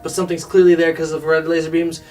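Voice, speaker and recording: A man's voice: on the high side, completely flat delivery, fast talker, darkish tone. Jokey man recapping with faint music. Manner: jokey, recaps scenes with goofy quoted voices. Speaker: podcast co-host. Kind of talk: casual episode review chat. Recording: distant mic with faint music.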